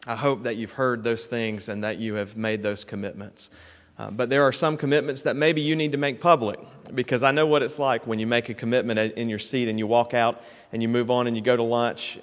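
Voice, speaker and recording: A male pastor giving a measured, slightly halting invitation at the end of a service. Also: mid-range voice. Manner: measured, hesitant with fillers. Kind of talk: sermon invitation. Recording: reverberant hall.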